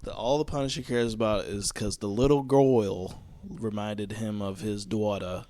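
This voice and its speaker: A man's voice: fairly low pitch, steady tone, moderate pace, dark tone, a little hiss or hum. A man co-hosting a movie podcast, chatting casually with sarcastic wisecracks. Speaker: podcast co-host. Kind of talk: casual chat.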